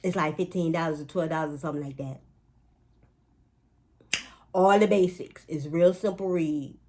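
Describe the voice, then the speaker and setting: A woman's voice: low voice, normal speed, a little mellow. A woman talking casually to viewers in a spiritual pep talk, chatty and emphatic, with playful asides and speech. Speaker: astrology and spiritual reader.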